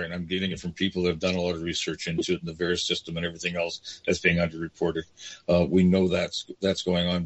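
A man hosting a talk radio interview, emphatic and indignant, often addressing his guest directly. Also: low-pitched. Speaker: radio host.

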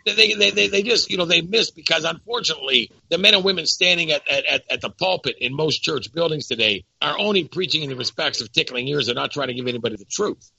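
A man's voice: fairly high pitch, lively intonation, fast, vocal fry, few pauses, sharp tone, slightly rough, no room sound, lo-fi sound. A man talking about his faith in casual conversation, fervent and full of stories, often repeating words as he builds up. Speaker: guest. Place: Dominican Republic.

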